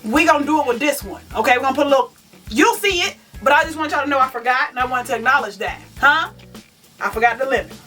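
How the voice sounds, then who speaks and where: A woman's voice: high voice, animated, fast talker, sharp tone. Woman w/ cooking at home, talks to "y'all" nonstop, kinda far from the mic. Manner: chatty, self-mocking, talks straight to viewers as "y'all". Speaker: vegan cooking channel host. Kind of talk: casual cooking vlog chat. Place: home kitchen. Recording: distant mic with faint music.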